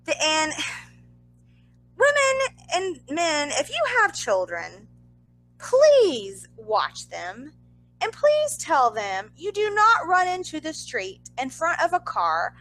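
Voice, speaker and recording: Animated young woman, high and lively. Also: slow pace, low-quality recording. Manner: animated storytelling, exasperated asides. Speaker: podcast co-host. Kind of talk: casual podcast chat.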